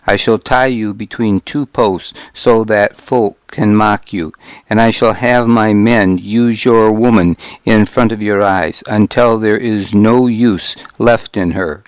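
A man voicing a cruel Danish warlord who delivers his threats in an even, reasonable tone. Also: lowish voice, slow pace, smooth, no room sound. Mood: menacing calm. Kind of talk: audiobook character reading.

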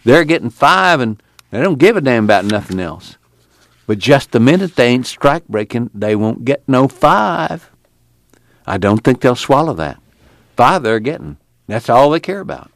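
A man's voice: mid-range voice, sing-song, moderate pace, no echo, pitched above the performer's own voice. A man voicing a weary, plainspoken young farmhand with a rural drawl. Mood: blunt.

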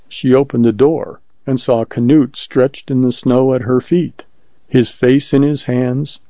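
A man reading a short story aloud as a volunteer narrator, in a measured, steady way. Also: medium pitch, no room sound. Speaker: volunteer reader of short stories. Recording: dull lo-fi recording.

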